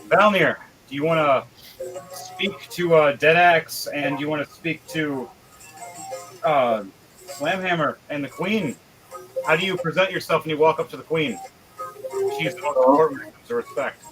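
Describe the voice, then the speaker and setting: A man's voice: fairly high pitch, normal speed, pauses often, over music, rough recording. Casual male game master narrating. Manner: casual, rambling with fillers.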